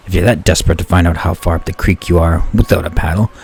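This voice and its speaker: A man's voice: sits low, fairly even intonation, quick pace, darkish tone. A man voicing a gloating male monster captain who taunts his prisoners while reading game dialogue aloud. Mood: taunting. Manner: taunting, mock-cheerful threats.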